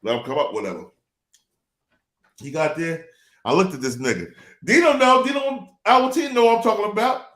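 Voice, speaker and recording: A show host from New Jersey tells a long story on a casual talk show, animatedly acting out the voices of the people in it. His voice is high-pitched and brisk, with long pauses and a reverberant sound.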